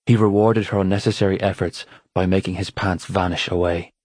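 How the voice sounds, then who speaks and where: A man narrating an audiobook in a steady, unhurried reading voice. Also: low-pitched, dry recording. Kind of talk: scripted narration.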